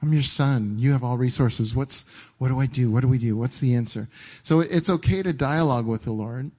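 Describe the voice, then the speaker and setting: A man's voice: medium pitch, a little fast. A man preaching a casual, conversational sermon on a church stage, often repeating himself and acting out his own inner dialogue. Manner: conversational, animated, stumbling restarts and acted-out inner dialogue.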